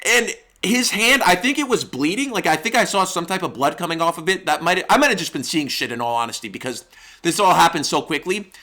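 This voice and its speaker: A man's voice: high-pitched, lively intonation, fairly quick, bright, forceful tone. A young man from New York narrating a comedic storytime with profane, exaggerated, rambling humor. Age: young adult. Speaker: YouTuber.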